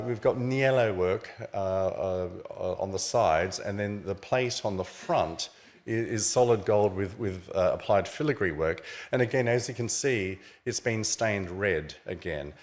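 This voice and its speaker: A man with a fairly low voice gives a relaxed, explanatory talk at a book launch. He walks the audience through pictures of objects on his slides in a conversational way. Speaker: author presenting his book. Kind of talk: illustrated lecture at a book launch. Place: museum event venue.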